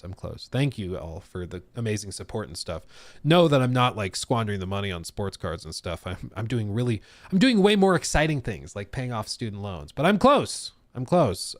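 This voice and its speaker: A young man hosting a live stream, chatting casually and joking with his chat in an animated way. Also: medium pitch, dry recording. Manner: animated, jokey, reacting to chat. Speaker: streamer host.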